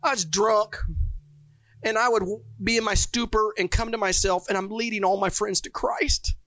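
A man's voice: high voice, steady tone, moderate pace, pushed and bright, dry recording. Man, preacher, fervent testimony sermon, emotional storytelling, dry sound. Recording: dull, dry lo-fi recording.

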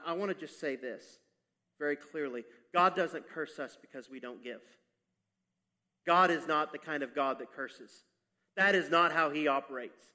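A male pastor preaching a candid sermon to his church, talking haltingly with many restarts and building in intensity. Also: a little high, sharp tone. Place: church sanctuary.

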